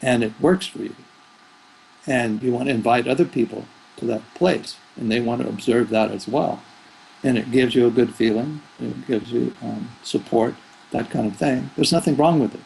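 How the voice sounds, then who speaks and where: A man speaks as a spiritual teacher in an interview, musing in a loose, rambling way with restarts. His mid-pitched voice has a gravelly fry, and faint noise sits underneath. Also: moderate pace, a little mellow, low-quality recording. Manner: rambling, thoughtful, with fillers and restarts. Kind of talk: reflective interview answers.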